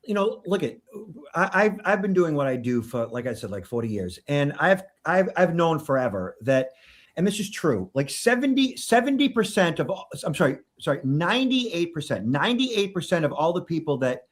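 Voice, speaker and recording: A man's voice: fairly high pitch, very animated, moderate pace. Blunt Boston-accented middle-aged man. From Boston, Massachusetts. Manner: blunt, emphatic, repeats "okay?". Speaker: guest, security expert. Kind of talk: interview answers.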